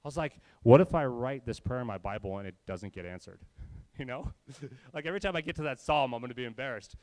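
A man preaching to his church, telling a personal story with animated, humorous quoted voices. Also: mid-range voice, a little fast, dry recording. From California. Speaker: pastor. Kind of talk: sermon storytelling.

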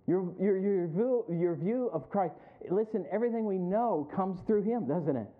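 A man's voice: high voice, lively intonation, moderate pace. A male pastor preaching a sermon, rising in emphasis and calling out to the congregation for responses. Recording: tinny phone-like sound.

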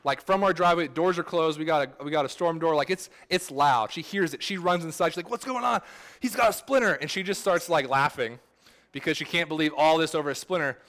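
A man in his thirties delivers a sermon in an animated storytelling way, stumbling over restarts as he goes. His voice sits a little higher than most men's. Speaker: pastor.

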